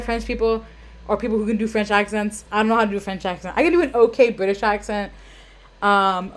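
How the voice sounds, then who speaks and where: A woman's voice: fairly high pitch, a little hiss or hum. A young woman hosting an art auction live stream at home, chatting casually with lots of ums and self-deprecating tangents. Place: home room. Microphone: webcam.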